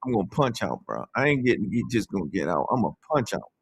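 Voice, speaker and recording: A man coaching day trading as he trades live, talking in a chatty, animated way and speaking to the market out loud. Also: lowish voice, fast talker, gravelly, slightly rough, dry recording.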